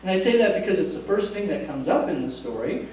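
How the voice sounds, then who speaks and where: A man's voice: a little high, sing-song, quick pace, a little mellow. Male pastor, sermon, conversational, heard from afar, roomy reverb, faint hiss. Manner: conversational, jokes with the congregation. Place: church sanctuary. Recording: echoey church from a distant mic.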